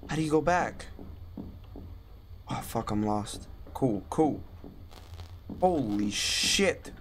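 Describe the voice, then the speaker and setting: A man's voice: mid-range voice, expressive, takes it slowly, a little hiss or hum. Jumpy, swearing man playing a horror game. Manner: jumpy, swearing, talks to himself while playing. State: scared and tense. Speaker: gaming YouTuber. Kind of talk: horror gameplay commentary.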